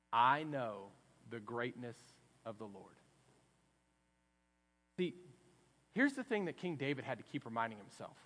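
Dynamic Texan preacher in a reverberant hall. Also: male voice, mid-range voice. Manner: dynamic preaching, swings from hushed to loud. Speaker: pastor. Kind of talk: sermon. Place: church sanctuary.

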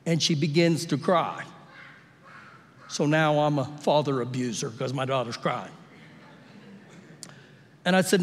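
A male pastor preaching a sermon during a live church service, telling animated, humorous stories and acting out the voices in them. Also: on the high side, measured pace, pauses often. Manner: animated storytelling, acts out quotes with humor. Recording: live church audio with long hall reverb.

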